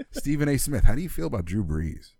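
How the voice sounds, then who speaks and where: A man co-hosting a casual podcast, joking in quick banter. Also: medium pitch, big pitch swings, creaky, warm tone. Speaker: podcast co-host. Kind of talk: casual chat.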